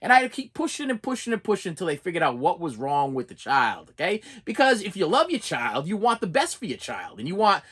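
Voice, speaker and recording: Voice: medium pitch, very animated, fairly quick, few pauses, fairly bright tone, husky. A middle-aged preschool teacher telling a story in a casual rant, exasperated, often repeating words and restarting sentences.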